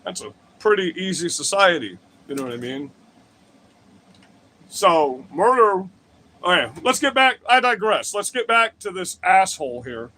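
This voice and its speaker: Very animated yet measured in pace, a man with a high, bright voice and a forceful tone rants to his livestream chat. The talk is political, crude, and combative, with frequent swearing and digressions, and a little hiss or hum runs underneath.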